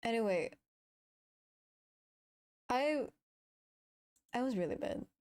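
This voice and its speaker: Giggly VTuber woman, lively pitch. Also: takes it slowly, smooth. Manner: giggly, self-mocking, exclamatory. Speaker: VTuber streamer. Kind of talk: casual stream chat reacting to old footage.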